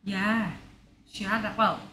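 A woman's voice: mid-range voice, fairly even intonation, takes it slowly, bright, forceful tone. A woman chatting casually at home, in a broad dialect full of restarts. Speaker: co-host. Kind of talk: casual chat. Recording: echoey room, faint ambient noise.

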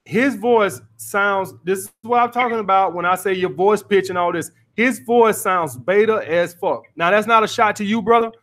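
A man's voice: sits high, moderate pace, few pauses, fairly bright tone. A man coaching callers on dating, lecturing bluntly and cursing freely. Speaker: dating coach taking calls. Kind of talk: call-in advice show.

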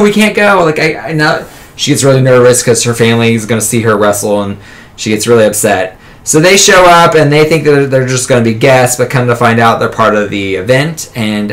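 Guy chatting about a comic, mid pitch, rambly, lots of ums and little laughs. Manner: rambling retelling with frequent fillers and laughs. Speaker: comic book reviewer, podcast co-host. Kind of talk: casual chat.

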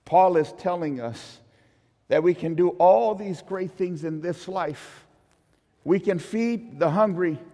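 A man's voice: sits high, slow pace, mellow, long reverb tail. A man pastor preaching a sermon in a church, telling a story and asking the congregation rhetorical questions.

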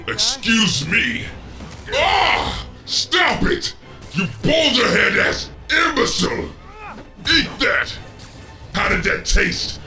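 A man's voice: medium pitch, bright, forceful tone, exaggerated voice. Man doing Cooler, smug alien tyrant. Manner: smug, taunting, crude trash talk. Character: arrogant male alien space tyrant, smug and boastful. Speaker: gameplay parody voice actor. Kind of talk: comedic gameplay parody voice acting.

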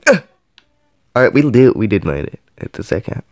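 A man's voice: mid-range voice, big pitch swings, normal speed, no echo, studio quality. A man playing a mobile game on camera, counting each flip aloud and yelping or groaning at every near miss. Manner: counts flips aloud, yelps and groans at misses. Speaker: gaming channel host.

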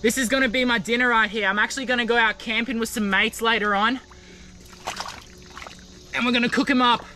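Young Australian man, high bright voice, energetic adventure vlogger, recorded outdoors on a camera mic, faint music underneath. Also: brisk, pauses often. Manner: energetic, excitable, says mate often. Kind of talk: outdoor vlog narration. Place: outdoors in muddy mangroves.

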